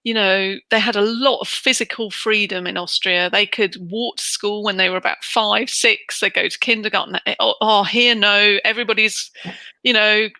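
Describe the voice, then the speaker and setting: A middle-aged woman from the United Kingdom talks in a chatty, animated way as an interview guest. Her voice is bright and lively. The sound is dry and close, with little room in it. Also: mid-range voice, moderate pace, no echo. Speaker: interview guest, relocation trainer. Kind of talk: casual interview chat.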